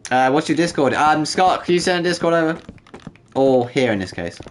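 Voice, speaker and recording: A man's voice: on the high side, expressive, moderate pace, slight background noise. A man hosting a casual livestream, bantering and joking with chat, with frequent restarts. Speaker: livestream host.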